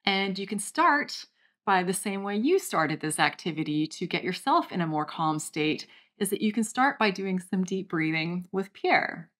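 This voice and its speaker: Young woman walking you through a brain exercise, soft and steady, medium voice. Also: medium pitch, normal speed. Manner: calm, gentle, guiding. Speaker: channel host, recovery coach. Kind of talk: guided exercise instruction.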